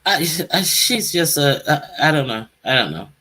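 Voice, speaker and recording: A woman's voice: deep voice, big pitch swings, normal speed, pushed and bright. Chatty woman hosting a live stream. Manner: chatty, calls out guests by name. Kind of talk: casual live chat.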